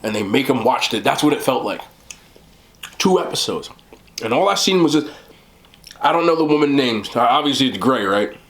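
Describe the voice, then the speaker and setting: A man hosting a mukbang, chatting casually while eating, talking in an animated way with loud bursts. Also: medium pitch, normal speed, long pauses. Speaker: mukbang host.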